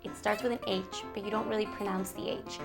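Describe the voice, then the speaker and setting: A woman hosting a bilingual lesson for toddlers, speaking slowly and coaxingly in a sing-song way to small children. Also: medium pitch, fairly even intonation, gravelly, over music. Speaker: children's Spanish teacher host.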